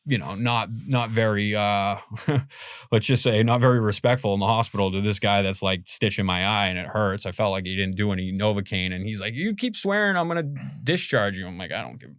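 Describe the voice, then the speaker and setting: A man's voice: lowish voice, fairly even intonation, fairly quick, fairly bright tone, clear, resonant tone, no room sound, studio quality. A man in his forties from Boston, a podcast guest telling a story in a rambling, casual way, full of "like" and "you know" and the odd swear word. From Boston, USA.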